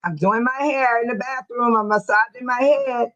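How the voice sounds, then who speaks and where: Chatty older woman with a high voice. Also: moderate pace, fairly bright tone, muffled recording. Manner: chatty, laughing storyteller; addresses viewers by name. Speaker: livestream host. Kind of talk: casual chat to viewers.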